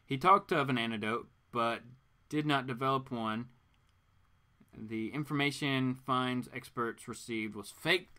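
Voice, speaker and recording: A man's voice: mid-range voice, unhurried, sharp tone. A man reading a comic book aloud, dropping in chatty asides between the quoted lines. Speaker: comic reader, channel host. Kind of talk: casual dramatic comic reading.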